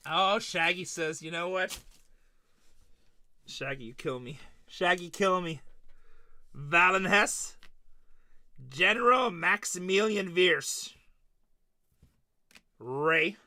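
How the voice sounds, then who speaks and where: A middle-aged man hosts a live card break, joking around and ribbing his viewers one by one. His voice sits a little high and comes across bright and punchy. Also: expressive, slow pace, long pauses, no echo. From Texas. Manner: joking, trash-talking, teasing viewers by name. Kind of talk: live stream casual chat while opening cards.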